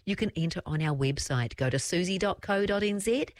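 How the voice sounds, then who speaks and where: A woman's voice: fairly low pitch, fairly quick, no echo, clean studio sound. A woman hosting a children's radio show, playfully announcing a competition. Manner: playful, teasing with silly answer choices.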